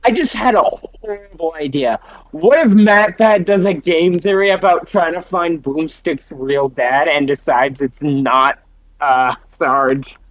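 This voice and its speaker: A man chatting casually as a podcast host, swearing often and reacting quickly. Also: on the high side, dull audio. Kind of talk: casual chat.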